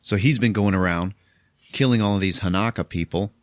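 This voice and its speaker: Talking briskly in a low voice on a dry recording, this male podcast host runs through a movie's plot casually and crudely, swearing freely and putting on voices for the quoted lines.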